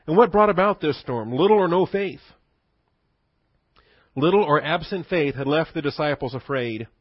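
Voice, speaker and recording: A man's voice: a little high, lively intonation, moderate pace, breathy edge, no echo. Man, pastor, conversational sermon, rhetorical questions, muffled lo-fi sound, dry room.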